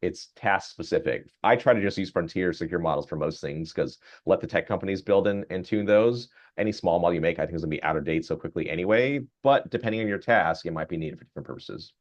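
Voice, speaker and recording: Conversational low-voiced male physician lecturer. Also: quick pace, hardly any pauses, lo-fi sound. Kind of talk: grand rounds lecture.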